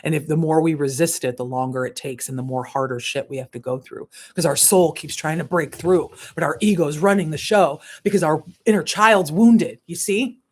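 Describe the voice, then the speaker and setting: A woman spiritual coach tells a story on a casual livestream. Her voice sits a little low, but she jumps way up for the dramatic bits, curses freely and laughs as she goes. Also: moderate pace, hardly any pauses. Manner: animated, swearing, laughing through the story.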